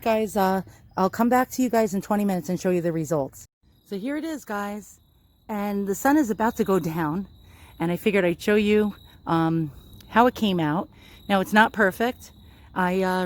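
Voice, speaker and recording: A woman's voice: mid-range voice, darkish tone. A woman casually narrating her furniture restoration vlog, chatty and self-deprecating, with lots of ums and uhs. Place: outdoors in sunlight.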